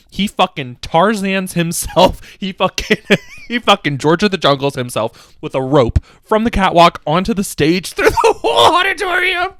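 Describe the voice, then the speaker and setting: A man hosts a podcast, recapping a spooky children's book in a loose, rambling way. His voice sits a little high, and he swears and laughs at the plot as he goes. The sound is dry and close, with no room around it. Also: fairly bright tone, no echo. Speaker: podcast host.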